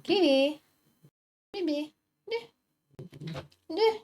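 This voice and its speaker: A woman's voice: extremely high pitch, expressive, extremely slow, a little mellow. A woman streaming from home on a desk microphone, chatting casually with her viewers while drawing and calling out to her cats. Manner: chatty, talks to her cats and to chat, teasing indignation. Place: home, indoors.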